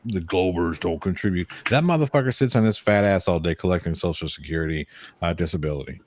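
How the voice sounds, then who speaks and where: A man's voice: low voice, fast, darkish tone, no echo. A man co-hosting a casual podcast chat, talking bluntly and swearing freely. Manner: blunt, profane. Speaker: podcast co-host.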